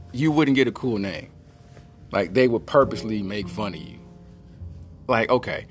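A man hosting a podcast, telling a rambling, joking comedic monologue and slipping into silly voices. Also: on the low side. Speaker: podcast host.

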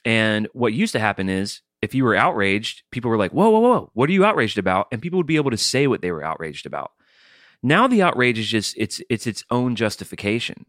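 A man's voice: fairly low pitch, big pitch swings, brisk, a bit bright, no room sound, clean studio sound. A man in his forties co-hosting a podcast, reasoning aloud thoughtfully and often restarting his sentences. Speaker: podcast co-host. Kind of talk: casual podcast discussion.

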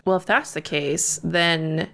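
A woman's voice: on the low side, slow pace, vocal fry, a bit bright. A woman player in a tabletop game, thinking aloud hesitantly while she decides her moves. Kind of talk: casual tabletop game chat.

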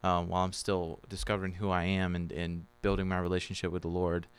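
Deep-voiced young man preaching earnestly. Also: little pitch movement, quick pace, clean tone. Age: 20s. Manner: preachy, quoting scripture. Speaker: podcast co-host. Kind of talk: casual faith conversation.

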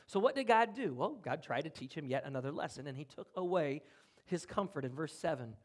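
A man preaches a sermon as a pastor, his voice sitting a little high for a man. He talks in an animated way, rising loud on key points and dropping soft, with the odd chuckle. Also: fairly quick. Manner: animated, with swings in loudness and chuckles.

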